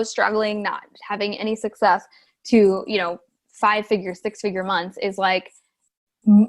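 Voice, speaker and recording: A woman in her thirties, a business coach, talking casually as a podcast guest and acting out the voices of the people she quotes. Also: mid-range voice. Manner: animated storytelling, acts out quoted voices.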